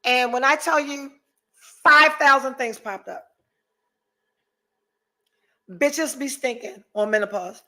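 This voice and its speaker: High-voiced, dramatic woman podcast host. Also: slow, pauses often, sharp tone, rough recording. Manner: dramatic, swings between mock despair and laughter. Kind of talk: candid, profane casual chat reading viewer comments.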